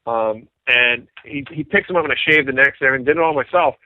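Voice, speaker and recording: A man's voice: mid-range voice, quick pace, a little hiss or hum. A man in a casual interview, animatedly telling stories and acting out what others said. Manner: animated, acts out quoted voices. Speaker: musician guest. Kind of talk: casual storytelling. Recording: tinny phone-like line, dry.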